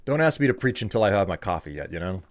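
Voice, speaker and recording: A man's voice: sits low, big pitch swings, fast talker. A man from the United States chatting casually on a live stream, rambling and ranting as he answers his chat.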